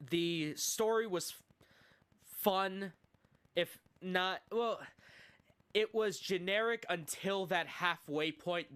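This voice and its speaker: A man co-hosting a casual podcast, recapping a movie in an excitable, rambling way. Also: on the high side, smooth. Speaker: podcast co-host. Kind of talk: casual chat.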